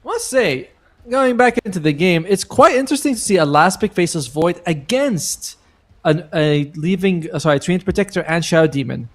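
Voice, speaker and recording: A man's voice: high-pitched, lively intonation, normal speed. Joking man casting a live game. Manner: chatty, joking, analytical. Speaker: esports caster.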